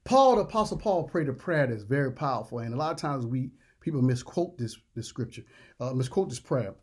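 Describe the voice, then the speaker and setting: A man preaching a sermon, emphatic, repeating words and slowing down to stress the scripture he reads. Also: medium pitch, lively intonation, a little mellow.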